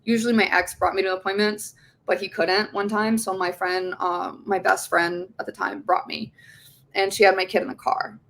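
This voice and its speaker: A woman's voice: medium pitch, level tone, moderate pace, gravelly, fairly bright tone. A young woman, an interview guest, telling her own story in a rambling, emotional way, with frequent swearing and restarts. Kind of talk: candid personal testimony.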